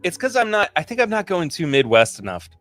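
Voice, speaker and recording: A man's voice: sits high, very animated, fairly quick, a bit bright, faint music behind. A man hosting a casual livestream podcast, chatting enthusiastically through tasting notes and rambling with restarts. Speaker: podcast host.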